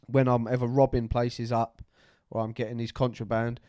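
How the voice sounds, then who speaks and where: A man's voice: medium pitch, level tone, moderate pace, dark tone, dry recording, clean studio sound. Rambling man chatting on a podcast. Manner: rambling, jokey, swears casually. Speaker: podcast co-host. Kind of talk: casual chat.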